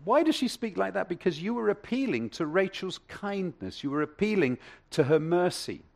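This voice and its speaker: A man's voice: high voice, lively intonation, normal speed, gravelly, darkish tone. A male pastor preaching a sermon, telling a story with acted asides and the odd stammer.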